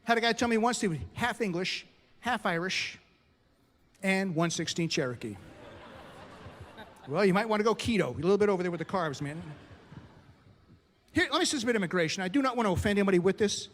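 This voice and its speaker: A middle-aged man from the United States performing a stand-up comedy set on a club stage, with punchy delivery and quick asides to the crowd. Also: sits high, lively intonation, fairly bright tone, long reverb tail.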